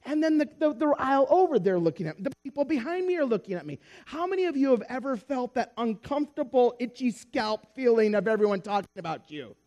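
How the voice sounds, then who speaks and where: High-voiced animated preacher man. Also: fast, hardly any pauses. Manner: animated storyteller acting out dialogue. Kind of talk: sermon with storytelling.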